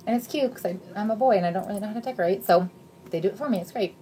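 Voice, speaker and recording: A woman in her thirties giving a casual, chatty sales pitch straight to her viewers, bubbly and jokey. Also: rapid-fire, mellow, a little hiss or hum. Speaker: direct sales consultant.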